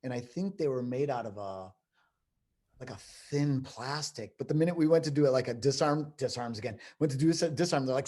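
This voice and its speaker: A man's voice: mid-range voice, a little fast, darkish tone. A man co-hosting a podcast, chatting casually and adding his own stories from working as a stunt performer on film sets. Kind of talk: casual chat.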